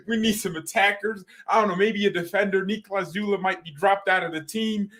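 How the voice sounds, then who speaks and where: A man hosting his own fan channel in an excited, rambling vlog, laughing often as he talks. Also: high-pitched, normal speed.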